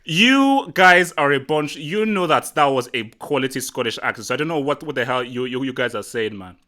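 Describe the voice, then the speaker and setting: A man hosting a casual live football stream, teasing and boastful, talking excitably to his guest and the chat. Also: mid-range voice, fairly quick. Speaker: livestream host.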